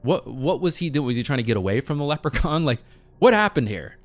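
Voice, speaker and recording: A man in his thirties hosts a casual movie review. He talks at a mid pitch for a man, and his delivery is animated and rambling, full of laughing asides. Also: fast talker, soft background music.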